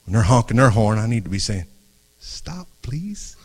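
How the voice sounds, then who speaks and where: A man of middle age delivering a heartfelt sermon in a drawl. His fairly low voice sinks to near-whispers, then climbs with fervor, and he stumbles back over his words as he goes. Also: racing. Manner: earnest, swings from hushed to raised, restarts phrases. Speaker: pastor. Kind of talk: impassioned sermon. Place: church before a congregation.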